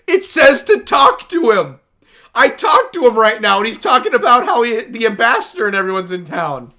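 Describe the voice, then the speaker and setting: A hoarse streamer in casual game livestream talk, rambling and poking fun at themselves. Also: medium pitch, big pitch swings, sharp tone. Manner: rambling, self-mocking, quick asides.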